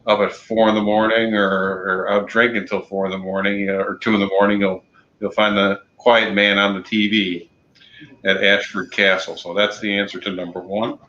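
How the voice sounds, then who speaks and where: A man co-hosting a casual chat show, slowly reading out trivia answers with many ums and the odd corny joke. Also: fairly low pitch, little pitch movement, sharp tone, a little hiss or hum. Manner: slow, halting, many ums and uhs; corny jokes. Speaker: podcast co-host running trivia. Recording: roomy, dull lo-fi sound.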